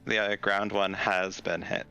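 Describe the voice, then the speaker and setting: Man with a low, bright, clear voice, dungeon master, patient rules explanations, faint music behind. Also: little pitch movement, normal speed. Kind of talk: running a tabletop game over voice chat.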